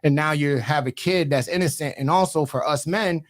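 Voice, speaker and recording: A young man with a slightly high voice hosts a podcast in a studio, spinning stories in casual, slang-heavy chat. He talks in an animated way and keeps the anecdote rolling. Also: fairly quick. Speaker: podcast host.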